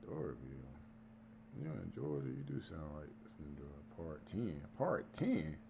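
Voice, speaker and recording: A man with a very deep, gravelly voice that swoops widely in pitch, muttering casual reaction asides under his breath. He talks half to himself while a clip plays, with a faint hiss behind him. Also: very animated, normal speed.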